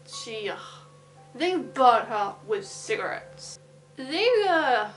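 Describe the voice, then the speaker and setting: A woman's voice: medium pitch, low-quality recording. A woman with a London accent casually recounting a true crime case, breaking into blunt, indignant asides.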